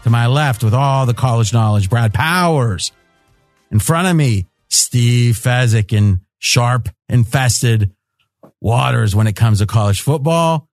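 Slow, dry-voiced man hosting a betting panel. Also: mid-range voice, expressive, no echo, faint music behind. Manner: teasing, laughs often, ribs his guests. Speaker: podcast host. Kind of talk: sports betting roundtable chat.

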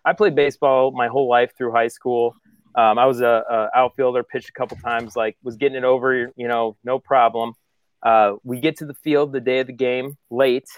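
Male host from the Chicago area, lively anecdote-teller, acts out quotes, dry close mic. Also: medium pitch, normal speed, no echo. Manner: animated storyteller, acts out his own quotes. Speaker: podcast host. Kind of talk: casual storytelling chat.

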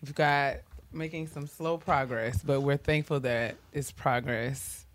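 A woman co-hosting a podcast in relaxed casual chat, laughing along with her friend. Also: a bass voice, measured pace, a little hiss or hum. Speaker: podcast co-host.

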